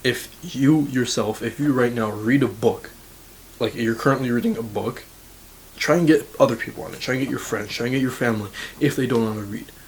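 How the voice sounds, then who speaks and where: A brisk, mid-range male voice belongs to an eighteen-year-old Canadian university student offering casual, blunt self-improvement advice to camera. He swears without hesitation and fills his speech with "like." The motivational clip is a low-quality recording with a bit of background noise.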